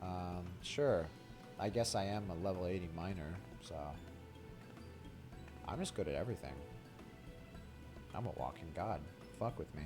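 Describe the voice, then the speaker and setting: A man's voice: low voice, moderate pace, long pauses. A young man streaming a video game, chatting casually in a rambling, joking way full of "like" and crude humor. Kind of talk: casual live-stream chat while reading game dialogue. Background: game music.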